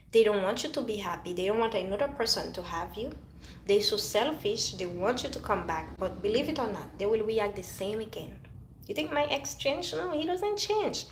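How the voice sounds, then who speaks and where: A Haitian woman vlogs to camera about a former relationship, her medium-pitched voice echoing in the room. She is emphatic and preachy and repeats herself often.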